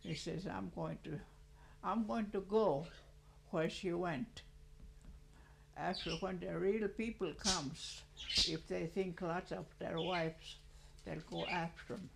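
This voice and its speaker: A woman's voice: fairly low pitch, slow, creaky, a little hiss or hum. An older woman voicing an old grandfather who mourns the wife who left him. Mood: mournful. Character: old grandpa grieving his lost wife.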